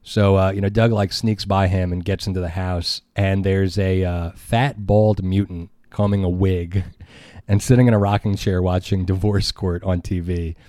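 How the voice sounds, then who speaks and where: Male podcast host with a low voice and a rambling, filler-heavy film recap, recorded dry and close. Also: little pitch movement, normal speed, dark tone, no room sound.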